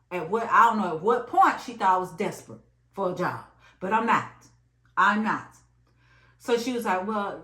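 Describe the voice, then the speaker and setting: A woman in her late thirties telling an emphatic, animated story about her job in a vlog. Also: mid-range voice. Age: late 30s. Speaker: vlogger. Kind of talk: storytime monologue. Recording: echoey room.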